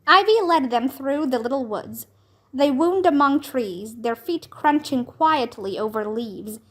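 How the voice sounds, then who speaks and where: A woman reads a children's storybook aloud with dramatic expression. Her voice is high and moves lively up and down, and she reads at a slow, careful pace. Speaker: storybook reader. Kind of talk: children's book read-aloud.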